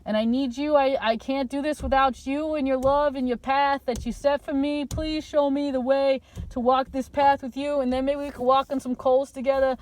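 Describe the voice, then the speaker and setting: A woman speaking with a slightly high voice rambles to her viewers in a stream-of-consciousness monologue. She sounds playful and slangy, and her delivery wanders between hushed musing and loud outbursts. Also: steady tone, moderate pace, hardly any pauses. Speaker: vlogger addressing viewers.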